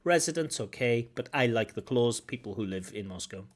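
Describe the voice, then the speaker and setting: A man's voice: medium pitch, animated, fairly quick. Male examiner modeling intonation. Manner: explains, repeats phrases to model intonation. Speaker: IELTS examiner giving feedback. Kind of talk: teaching commentary.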